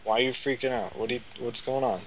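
A man's voice: mid-range voice, fairly even intonation, fast talker, fairly bright tone, a little hiss or hum, low-quality recording. A man gaming with friends in casual banter, bossy and laughing often. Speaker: game commentator.

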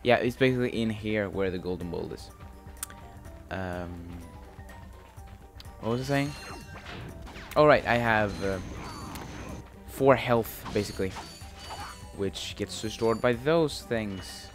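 This gaming channel host, a young man, talks slowly through his let's-play, leaving long pauses as he jokes, rambles and swears plenty about the game in front of him. His voice is on the low side, and faint music can be heard behind him.

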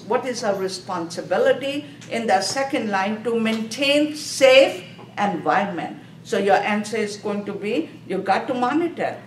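A woman's voice: fairly high pitch, slight background noise. A woman teaching a nursing exam review class, quizzing students with repeated questions, in a slightly non-native English. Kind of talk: classroom lecture. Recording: echoey room, mic far off.

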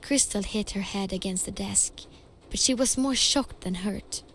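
A woman giving calm, scripted storybook narration for a game. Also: medium pitch, unhurried, a little hiss or hum.

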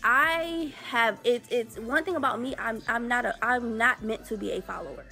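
A woman's voice: a little high, normal speed, gravelly, sharp tone, faint music behind. A woman giving a blunt, exasperated political commentary rant in casual slang.

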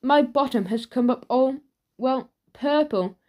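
A woman's voice: high-pitched, a little slow, mellow. A woman reading an audiobook, voicing an earnest, fussy adult male shopkeeper who speaks solemnly and takes offence easily. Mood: grave.

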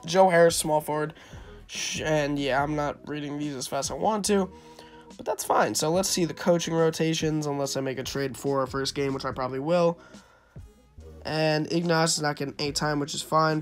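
A young man giving casual, chatty commentary on his gameplay, second-guessing himself as he goes. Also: fairly high pitch. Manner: chatty, self-interrupting, wavering pick by pick. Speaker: gaming YouTuber.

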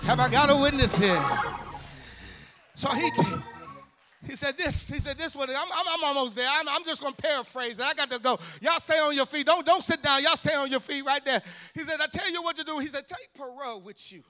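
A man's voice: extremely high pitch, a little fast, sharp tone, soft background music. A male pastor delivering a fervent sermon to a church congregation. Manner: fervent preaching, addressing the congregation directly. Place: church service.

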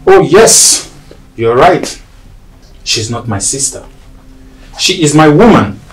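An actor in a Nigerian film playing an earnest young man who calmly declares his love, with a Nigerian accent. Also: fairly high pitch, takes it slowly, music in the background, poor audio. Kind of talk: Nollywood film acting.

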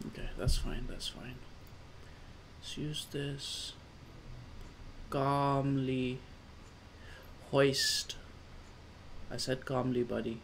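A man doing casual let's play commentary, coaxing his character along with repeated calm-down phrases. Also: mid-range voice, drawn-out words, creaky, pauses often, a little hiss or hum. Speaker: gamer.

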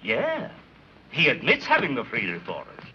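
A man's voice: medium pitch, huge pitch swings, moderate pace, bright, forceful tone, full character voice. A man playing a sarcastic police commissioner who mocks a gangster, on a dull 1930s film soundtrack with hiss. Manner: dry, mocking.

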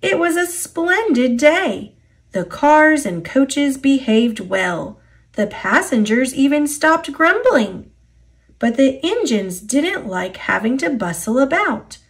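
A woman reading a children's picture book aloud in an expressive storyteller's voice. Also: sits high, slow pace. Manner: expressive, lively character voices.

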